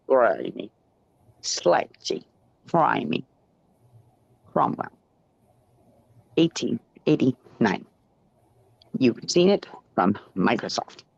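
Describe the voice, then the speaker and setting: Man ranting profanely, lively swooping pitch, dull dry lo-fi sound. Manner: rambling, profane, chanting and sing-song. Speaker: ranting monologuist. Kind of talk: profane stream-of-consciousness rant.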